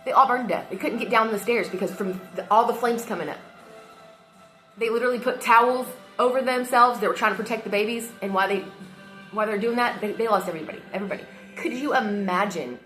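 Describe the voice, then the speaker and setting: A woman's voice: on the high side, steady tone, fast, fairly bright tone, soft background music. A woman venting heatedly into her phone camera, swearing often as she talks. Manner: heated and emotional, frequent swearing. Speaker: vlogger. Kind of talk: casual rant to camera.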